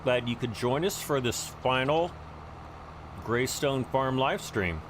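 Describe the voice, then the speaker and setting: A man's voice: mid-range voice, slow pace, background noise. A man hosting a casual gameplay livestream, chatting to viewers and greeting them by name as he plays. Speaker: livestream host.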